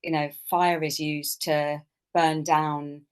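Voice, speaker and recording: A woman's voice: sits low, flat delivery, takes it slowly, smooth. A woman guest on a podcast, explaining rituals in an earnest, chatty way with many "you know" fillers. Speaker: guest, moon ritual teacher. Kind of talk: casual interview talk.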